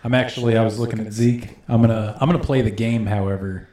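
A man's voice: lowish voice, steady tone, fast, warm tone. A man on a casual fantasy football podcast, laid-back and defending his own picks. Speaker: podcast co-host. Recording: roomy echo.

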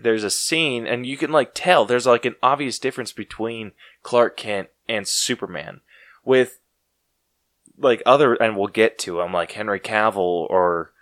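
A man hosting a casual podcast chat, excitable and full of "like" fillers. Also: lowish voice, dry recording. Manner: excitable, heavy use of "like" fillers. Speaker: podcast host.

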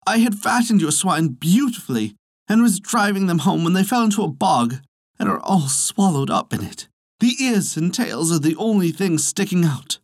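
Narrator putting on a high, brash young trickster. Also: big pitch swings, normal speed, no echo, studio quality. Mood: scheming. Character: sly young male trickster servant.

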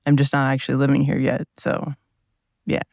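Through a small plug-in mic powered by a tablet, a man at a table inside a parked RV rambles casually and slowly through a solo podcast, asking himself questions. His groggy morning voice is mid-range, monotone, creaky and darkish, and the recording is dry.

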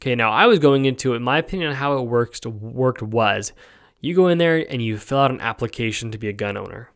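Speaking fast and expressively, a medium-pitched American man rambles through his opinions on his podcast. The casual monologue is packed with fillers, and he keeps asking "right?".

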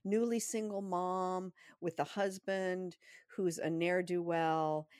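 A woman co-hosting a casual chat podcast, ranting in an animated way and laughing often. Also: fairly low pitch, takes it slowly, clear, resonant tone, no room sound, clean studio sound. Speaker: podcast co-host.

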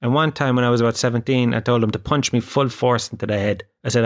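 A man's voice: medium pitch, fairly even intonation, brisk. A young adult man, telling a rambling, profane, self-deprecating stand-up story. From Ireland. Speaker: stand-up comedian.

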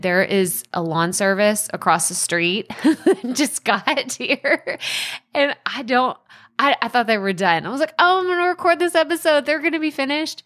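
A woman's voice: mid-range voice, a bit bright. A young adult woman with an East Texas accent, hosting a casual solo podcast from her home, bubbly and chatty. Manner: bubbly and chatty, laughs often. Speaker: podcast host. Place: home room by a window.

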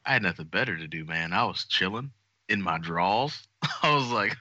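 A man co-hosting a podcast, talking in an animated, jokey way and swearing freely. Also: deep voice, moderate pace, no room sound, lo-fi sound. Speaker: podcast co-host. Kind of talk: casual podcast chat.

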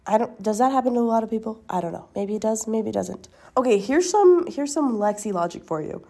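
Young woman, podcast co-host, mellow and rambling, self-deprecating. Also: medium pitch. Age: young adult. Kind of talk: casual chat.

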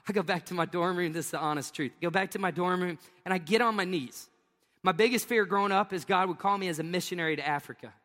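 With a high, sharp voice, a middle-aged man preaches as a pastor, mixing stories and joking asides and chuckling at his own humor, all within the long reverb of a large hall.

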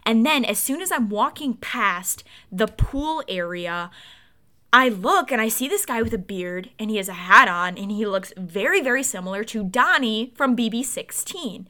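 A young woman in her twenties, co-hosting a podcast and telling a story in a casual, animated way with frequent laughs. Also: a little high, moderate pace. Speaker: podcast co-host.

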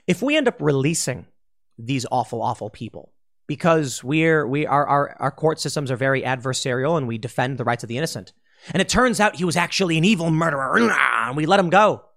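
A man's voice: on the high side, lively intonation, fairly quick, vocal fry, fairly bright tone. A man giving a blunt opinion monologue as a political commentator, emphatic and full of slang.

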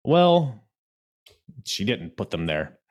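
A man with a fairly low voice hosts a casual wrestling podcast. His pitch swings widely as he talks. He stumbles through fillers and restarts and laughs easily. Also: big pitch swings, takes it slowly. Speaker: podcast host.

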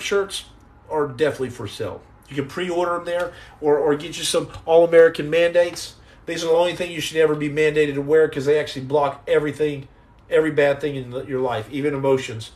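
Middle-aged male streamer, fairly high voice, energetic and joking, answers chat directly. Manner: lively, jumps between jokes and chat shout-outs. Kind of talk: casual live-stream chat.

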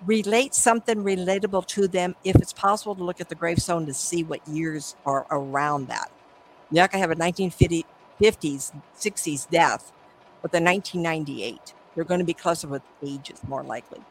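In a roughly recorded interview with a bit of background noise, a middle-aged psychic medium tells her stories in a lively, conversational way and performs the voices of the people in them. She speaks fairly quickly, with a fairly low-pitched voice.

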